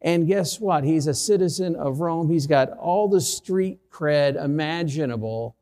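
A man's voice: a little high, a little slow, mellow, big-room sound. A middle-aged man, a pastor, preaching a sermon through a personal story with self-deprecating humor.

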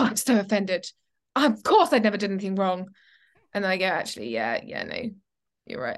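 A young woman co-hosting a casual Christian chat podcast, telling stories animatedly and acting out her own reactions. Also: medium pitch. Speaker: podcast co-host.

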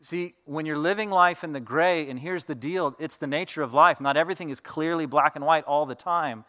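A man's voice: fairly high pitch, fairly quick, pushed and bright. A man in his thirties, a pastor, preaching a sermon in a loose, conversational storytelling way with many fillers.

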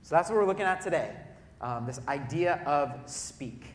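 A man preaching a sermon to a congregation in a church auditorium, telling lively stories and turning to the crowd with asides. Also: fairly high pitch, normal speed. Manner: lively storytelling with audience asides, loud bursts when acting out cheering. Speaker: pastor. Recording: echoey hall.

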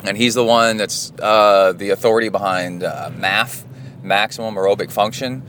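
Deep-voiced man rambling while driving. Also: normal speed, slight background noise. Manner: rambling, animated when quoting others. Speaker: podcast host. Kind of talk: casual storytelling monologue. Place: car, driving.

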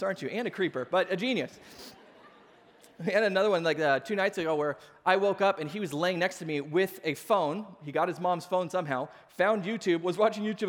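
Pastor in his thirties, high-pitched male voice, sermon full of acted-out anecdotes, echoing sanctuary. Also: fairly quick. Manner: animated storytelling, acts out voices. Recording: long hall reverb.

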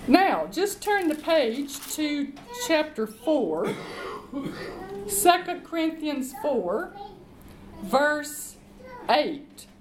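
A woman preaching a sermon, reading scripture slowly and emphatically and calling the congregation to respond. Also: sits high, big pitch swings. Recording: echoey room with faint background noise.

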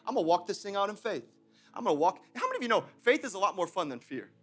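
A young adult man preaching a sermon as pastor, swinging between shouted emphasis and joking asides. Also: sits high, sing-song, racing, husky, faint music behind.

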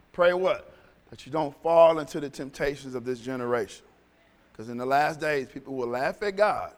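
A man's voice: mid-range voice, long reverb tail. A male pastor preaching a sermon in a conversational, storytelling way, often repeating phrases.

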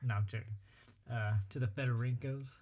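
Relaxed young man joking with a friend. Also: medium pitch, moderate pace. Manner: relaxed, joking, with filler words. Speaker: co-host telling a story. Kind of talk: casual chat.

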